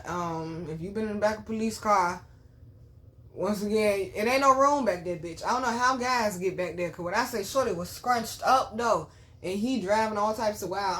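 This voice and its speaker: A woman vlogger telling her own story to viewers, blunt and full of swearing, dropping to low murmurs and then bursting out loud. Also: moderate pace. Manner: blunt, profane, animated storytelling. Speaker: spiritual reader and vlogger. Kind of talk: candid storytime chat to viewers.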